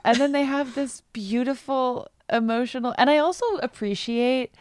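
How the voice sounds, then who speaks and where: A woman co-hosting a podcast in casual chat, rambling with lots of fillers and quick asides. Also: high-pitched, steady tone, darkish tone, a little hiss or hum. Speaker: podcast co-host.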